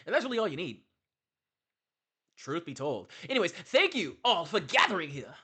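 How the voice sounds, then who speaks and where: A man's voice: on the high side, sing-song, moderate pace, sharp tone, slightly rough. A man giving casual, rambling gameplay commentary, swearing freely and musing on life as he plays. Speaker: let's play streamer.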